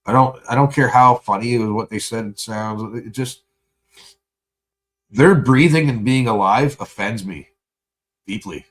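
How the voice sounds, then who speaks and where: A man's voice: lowish voice, a little slow, pauses often. Buzzed man ranting angrily, profane. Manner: profane, angry venting, swings loud. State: buzzed and high. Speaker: livestreamer. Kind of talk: casual livestream rant.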